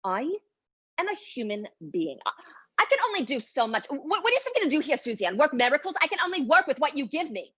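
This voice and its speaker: A woman's voice: high voice, sing-song, quick pace, fairly bright tone, no echo, lo-fi sound, pitched above the performer's own voice. A woman playing a brash, self-important middle-aged adoption searcher with a New Jersey accent, in a solo stage monologue. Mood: brash, breezy. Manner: self-important, breezy, defensive.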